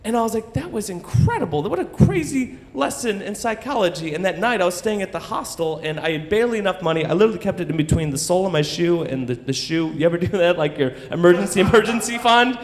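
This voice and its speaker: A man telling a story live on stage in an animated, profane way, often checking in with "right?". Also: high voice, quick pace, few pauses. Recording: long hall reverb.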